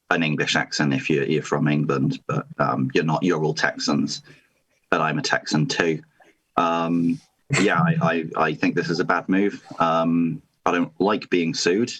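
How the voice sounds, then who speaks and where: An English man playing a hesitant Texas doctor in an improvised comedy panel, halting and full of ums. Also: a bass voice, a bit bright, breathy edge, exaggerated voice. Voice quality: halting, awkward, many ums. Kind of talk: improvised comedy role-play.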